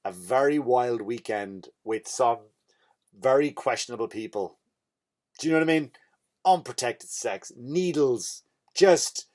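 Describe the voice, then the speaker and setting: A man's voice: medium pitch, lively intonation, a little slow, darkish tone. Irish male comedian, podcast host, rambling profane storyteller. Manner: rambling, profane, self-interrupting.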